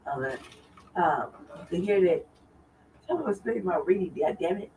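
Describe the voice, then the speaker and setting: A woman's voice: fairly low pitch, animated, normal speed, warm tone. Southern lady rambling on a livestream, sounds far off the mic, bit of noise behind. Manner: rambling, repeats herself. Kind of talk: casual livestream chat.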